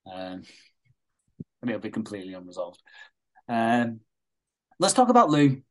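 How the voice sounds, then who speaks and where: A man, co-hosting a podcast, retelling a soap plot in a casual, animated way and swearing freely. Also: fairly low pitch, a little slow. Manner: animated retelling, swears a lot, laughs often. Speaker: podcast co-host recapping a soap.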